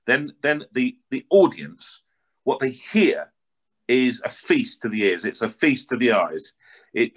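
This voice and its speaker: A man with a North London accent, an opera singer telling stories in an interview with lively, animated delivery and frequent word repeats. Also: sits low. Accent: North London English. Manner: lively, repeats words while building a point.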